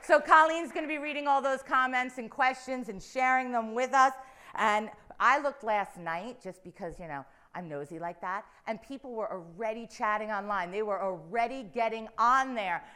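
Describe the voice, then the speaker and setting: A woman's voice: fairly high pitch, normal speed, sharp tone. A woman emceeing a student showcase live, playful and chatty with the crowd.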